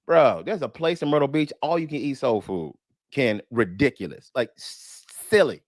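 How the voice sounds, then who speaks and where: A middle-aged man, a comedian co-hosting a radio talk show, chatting in an animated, emphatic way. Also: mid-range voice, normal speed, dry recording, studio quality. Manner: animated, emphatic, says bro and man a lot. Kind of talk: casual comedy radio banter.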